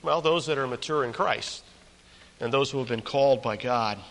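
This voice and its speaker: A man's voice: medium pitch, normal speed, a bit bright. A man preaching a sermon, emphatic and repeating key phrases, telling stories with quoted characters. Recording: long hall reverb.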